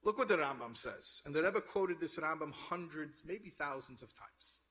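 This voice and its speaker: A man's voice: on the high side, lively intonation, moderate pace, bright, forceful tone. A man giving a sermon, telling a story and then urging his listeners on with rising fervor. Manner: storytelling, rising to fervent exhortation. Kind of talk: sermon with told joke.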